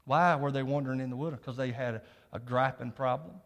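In a church sanctuary with long hall reverb, a middle-aged pastor with a medium-pitched, creaky, slightly bright voice talks fast, joking with the congregation between scripture readings in a conversational sermon.

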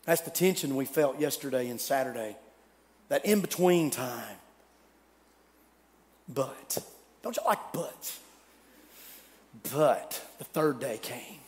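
A man preaching a sermon, telling the story dramatically, swinging from loud to hushed. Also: medium pitch, animated, takes it slowly, pauses often, big-room sound. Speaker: pastor.

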